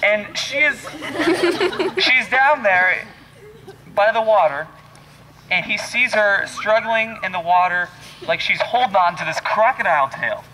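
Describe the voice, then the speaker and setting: A man telling a long joke in an animated, chuckling way, often restarting his sentences. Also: high voice, measured pace, long pauses, poor audio. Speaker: joke teller. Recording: loud background noise.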